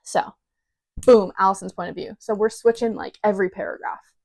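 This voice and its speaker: Reading aloud on her podcast, a young adult woman speaks briskly in a steady, medium-pitched, somewhat dark voice, captured in a dry recording. She's loose and filler-heavy, adding wry, teasing comments that poke fun at herself.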